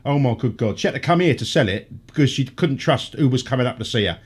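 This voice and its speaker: A man's voice: mid-range voice, lively intonation, fast, darkish tone, husky. A middle-aged man, hosting a casual radio chat and ranting with heavy swearing. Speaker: radio show host.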